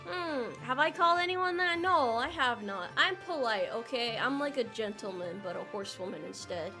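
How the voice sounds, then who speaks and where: A woman's voice: a little high, expressive, normal speed. A young adult woman streamer chatting casually with her viewers in a playful, jokey way, with melodramatic outbursts. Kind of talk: casual livestream chat. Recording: faint music behind.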